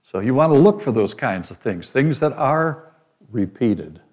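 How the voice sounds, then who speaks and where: Slow mellow guy preaching a sermon, reads scripture then explains it, asks the crowd questions. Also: mid-range voice, sing-song. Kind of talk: sermon, Bible teaching.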